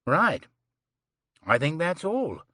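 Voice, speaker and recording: A man reading the part of a calm, courteous police inspector who asks measured, pleasant questions. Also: fairly high pitch, no room sound, clean studio sound, exaggerated voice. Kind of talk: audiobook character reading.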